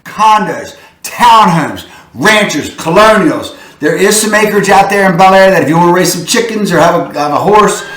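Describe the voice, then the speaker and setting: A man's voice: lively intonation, normal speed, few pauses, fairly bright tone, echoey room. A man with a Baltimore accent, hosting a punchy, hype-filled rundown of the local housing market. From Baltimore area, Maryland. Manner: punchy, hypes with catchphrases like "boom". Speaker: real estate video host.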